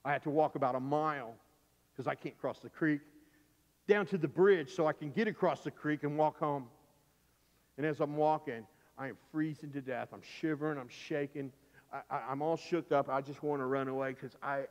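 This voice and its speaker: A middle-aged male pastor preaching a sermon through a vivid personal story, swinging from loud, urgent lines to hushed ones. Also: on the high side, fairly even intonation, normal speed. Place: church sanctuary. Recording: dull, echoey church recording.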